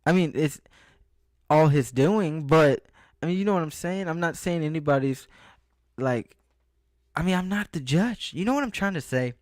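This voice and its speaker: A man's voice: fairly high pitch, animated, normal speed, pauses often, darkish tone, no echo. Rambling young man, dry close sound. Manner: rambling, loses his train of thought, self-interrupting. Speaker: vlogger. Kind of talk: casual rambling vlog monologue.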